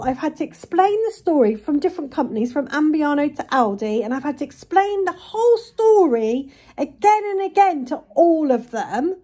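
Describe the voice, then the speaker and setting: A woman vlogger venting casually to camera, retelling a frustrating complaint in an exasperated, animated way. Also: high-pitched.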